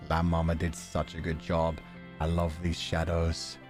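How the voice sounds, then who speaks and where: A man casually chatting on a livestream, excitable, laughing often and swearing now and then. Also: deep voice, unhurried, music in the background. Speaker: streamer.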